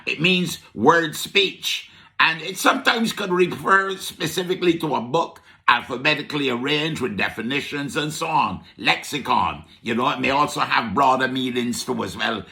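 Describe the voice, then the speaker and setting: A man's voice: medium pitch, vocal fry, bright, forceful tone. A man with a Barbadian accent presenting a comedic radio word-history segment as a market vendor, playful and teasing with frequent "huh?" asides.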